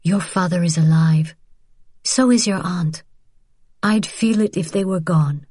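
Tired ashamed mom, quiet and subdued, low voice, a woman reading her. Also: unhurried, husky, dry recording, clean studio sound. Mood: gentle. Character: weary, ashamed mother shielding her children.

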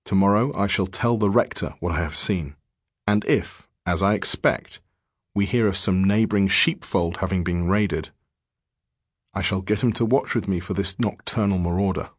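A man reading a diary-form horror story aloud in a measured, grave voice. His tone sits low with a husky grain, recorded close and dry. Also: no echo.

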